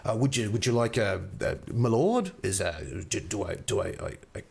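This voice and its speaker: A man's voice: lowish voice, very animated, normal speed, gravelly, darkish tone, breathy edge, voice pushed down, heavily acted. A man voicing a flustered heavy-set bartender who stammers deferentially.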